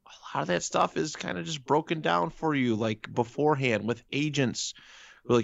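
A man's voice: mid-range voice, moderate pace, gravelly, no room sound. A man in casual chat as a podcast co-host, talking emphatically and firing off rhetorical questions. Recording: dull lo-fi recording.

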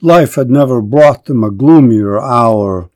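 A man hosting a literature show, reading a classic novel aloud in a slow, measured scripted narration. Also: medium pitch, a little mellow. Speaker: podcast host.

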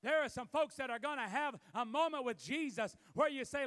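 A man preaching a sermon as pastor, building to shouted emphasis, recorded in a church. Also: very high voice, fairly quick. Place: church sanctuary. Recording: long hall reverb.

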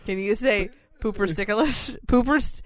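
A young woman co-hosting a podcast, telling crude stories in a giggly, animated way. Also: mid-range voice, moderate pace, no echo. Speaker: podcast co-host. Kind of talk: casual chat.

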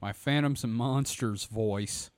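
A hoarse man co-hosting a podcast in casual, joking, profane banter. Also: mid-range voice, slow pace, no room sound. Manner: joking, profane, reads stories aloud. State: hoarse throat. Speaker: podcast co-host.

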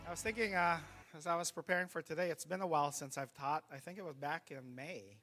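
Man, middle-aged, pastor, somewhat high pitch, casual sermon, hesitant, lingering cough. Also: fast talker, bright, forceful tone, faint music behind. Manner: conversational, hesitant with fillers.

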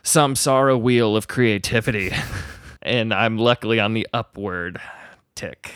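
A man's voice: lowish voice, a little slow, smooth, dry recording. Chatty man telling stories in a dry room. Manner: rambling, animated storytelling. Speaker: guest musician. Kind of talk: casual conversation.

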